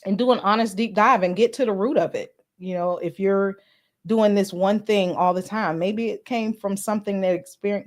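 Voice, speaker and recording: Her voice low-ish and a little mellow, a woman hosting a podcast live stream chats casually, greeting commenters by name. She sounds earnest and uses some filler words.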